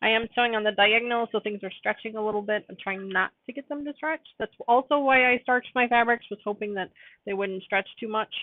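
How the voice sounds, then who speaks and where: A woman with a fairly high, slightly quick voice hosts a live quilting stream, chatting away, apologizing and laughing often. It's casual sewing talk for a live audience. The recording is dry and narrow like a phone, with no room sound.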